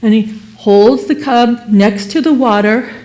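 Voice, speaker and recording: A woman with a fairly high voice telling a parable during a Sunday sermon. She is animated and expressive, and she changes her pitch and loudness freely as the story unfolds. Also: unhurried. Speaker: speaker at a Sunday service.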